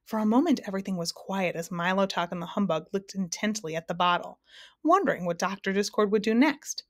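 Woman storybook narrator, mid pitch, expressive, dry booth. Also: brisk, no room sound. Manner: steady, expressive reading.

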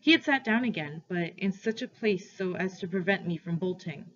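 A teacher reading a first-person novel aloud for a class, measured and deliberate, pausing for study questions, on a dull lo-fi recording. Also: mid-range voice, animated, fairly bright tone.

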